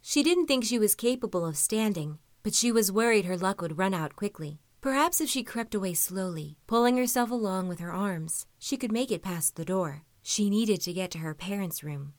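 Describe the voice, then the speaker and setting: A woman narrating a story in an even, measured reading voice. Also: medium pitch, no echo. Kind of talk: audiobook-style story reading.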